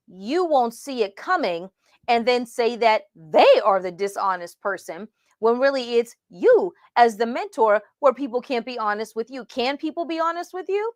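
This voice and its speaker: A woman gives a leadership lesson in an emphatic, animated teaching manner, often slipping into quoted voices to make her point. Her voice sits a little on the high side. The sound is dry and close. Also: dry recording. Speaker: leadership mentor teaching a class. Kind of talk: teaching talk from slides.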